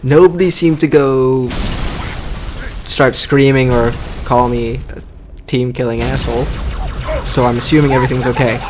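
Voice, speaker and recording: A man's voice: mid-range voice, fairly even intonation, moderate pace, long pauses, background noise. A man casually commenting over his own gameplay, cracking dry jokes and rambling through side remarks. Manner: dry, joking, rambling asides. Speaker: let's play host.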